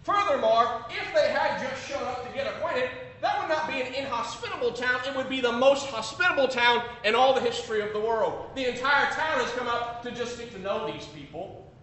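A man preaching a sermon, emphatic, swinging between loud declarations and quiet asides. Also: animated, fairly quick. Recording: echoey room with faint rumble.

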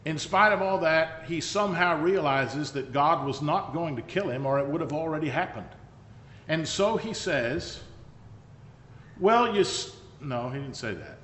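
Bright-voiced male preacher in a hall. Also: a little high, animated, moderate pace, a little hiss or hum. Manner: conversational, emphatic storytelling with asides. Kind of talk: sermon. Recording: echoey hall reverb.

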